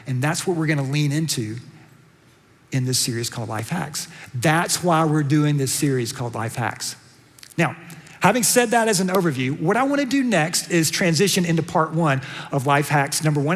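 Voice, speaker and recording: A Southern US pastor preaches with a fairly high voice. He tells the story with energy and slips into the characters' lines as he goes. His voice rings out in a hall with a long reverb. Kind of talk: sermon.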